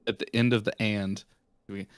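A man co-hosting a casual podcast, coaching the others through a sung voicemail jingle and singing lines slow and drawn out. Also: on the low side, flat delivery, a crowd in the background. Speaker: podcast co-host.

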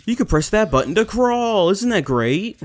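A man's voice: sits high, very animated, normal speed, faint music behind. A young man giving let's play commentary, frustrated and swearing as he rants about the game. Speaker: gamer.

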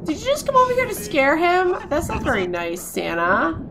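A woman's voice: high voice, huge pitch swings, moderate pace, a crowd in the background. A young woman giving casual let's-play commentary, chatty and giggly, talking to the characters on screen. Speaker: gameplay commentator.

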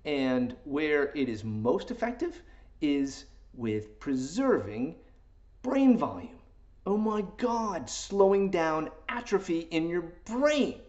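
A playful man hosts a casual fitness vlog and hams it up in a silly put-on accent. His voice sits fairly high and swings up and down a lot. The recording sounds dull and lo-fi. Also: big pitch swings, slow, darkish tone. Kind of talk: casual jokey vlog talk.

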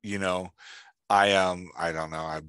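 Male podcast host, low voice, dry close sound, animated and chatty with lots of fillers. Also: a little slow, smooth, no room sound. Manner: animated, lots of "like" and "right?", reads examples aloud. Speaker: podcast host, writing coach. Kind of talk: casual explanatory chat.

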